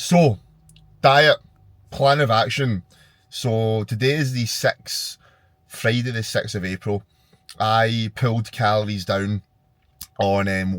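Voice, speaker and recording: Low-voiced sweary Glaswegian bloke. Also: male voice, no echo. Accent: Scottish, Glaswegian. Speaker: fitness vlogger. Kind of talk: casual vlog chat to camera.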